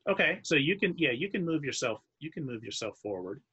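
A man narrating as game master of a tabletop game, halting and searching for words as he describes each scene. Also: a little high, very animated, bright, forceful tone, husky.

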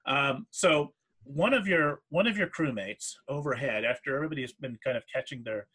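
A man runs a tabletop game as its game master, his voice husky and a little breathy. He narrates haltingly, full of fillers and restarts, at an ordinary middle pitch. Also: pushed and bright.

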